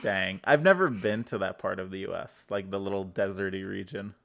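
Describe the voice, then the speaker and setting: Raspy-voiced man, hoarse from fasting. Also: deep voice. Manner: animated storyteller, laughs mid-sentence. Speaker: podcast co-host. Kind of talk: casual chat.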